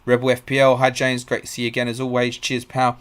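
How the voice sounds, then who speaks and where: A man hosting a live stream, reading out viewer questions and answering them quickly and bluntly. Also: medium pitch, monotone, a bit bright. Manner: fast, blunt and matey, calls viewers mate. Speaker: podcast host.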